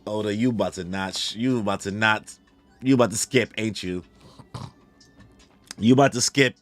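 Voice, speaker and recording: A man's voice: fairly low pitch, normal speed, pauses often, no echo, soft background music. A man giving casual, slangy live commentary as he reacts to a comic chapter, laughing and joking at the page. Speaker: manga reaction streamer.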